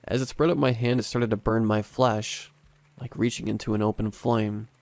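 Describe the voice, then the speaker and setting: A man narrating a first-person horror story in a measured, dramatic way. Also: on the low side, little pitch movement, darkish tone, no room sound.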